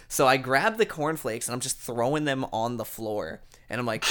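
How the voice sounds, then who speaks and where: A young man with a bright, forceful voice chats casually on a podcast. He tells a long story in a loose, rambling way, stacking fillers and swearing as he goes. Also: medium pitch, normal speed, few pauses.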